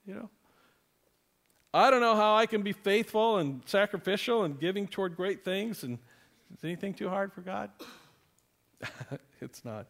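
A male pastor with a notably high voice, delivering a sermon in a playful way. He chuckles between points, then slows down and drops to a hush to drive a question home. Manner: slows down and hushes for emphasis.

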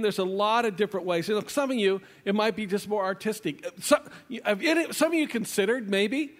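A man with a notably high voice delivers a sermon. He talks conversationally and playfully, breaking into asides and restarting his sentences. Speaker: pastor.

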